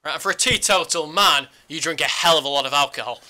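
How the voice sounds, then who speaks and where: A man's voice: on the high side, fast talker, bright, forceful tone. A man co-hosting a casual sports podcast, teasing his partner in jokey banter. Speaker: podcast co-host.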